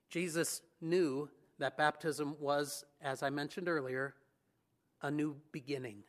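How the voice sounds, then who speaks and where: A male preacher delivers a sermon in a relaxed, conversational way, often asking his listeners rhetorical questions. His voice sits high for a man. He keeps his tone easy and light, with a chuckle here and there.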